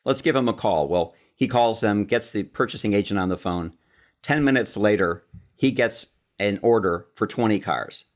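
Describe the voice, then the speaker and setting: A man from Chicago tells stories as a podcast guest. His speaking voice sits very low, and he is a lively storyteller who acts out quoted lines. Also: normal speed.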